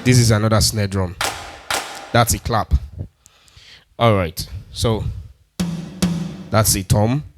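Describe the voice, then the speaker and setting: A man's voice: lowish voice, fairly even intonation, slow, long pauses, loud music behind the voice. A man hosting a keyboard tutorial, counting beats aloud and repeating his steps patiently. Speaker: music tutorial host. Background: keyboard instrument sounds.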